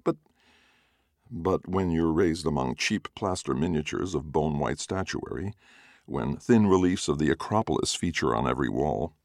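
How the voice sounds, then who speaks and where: A man's voice: extremely low pitch, lively intonation, moderate pace, no echo, studio quality. A man voicing a fanciful young Greek-American woman with an earnest, polite manner, in a storybook reading.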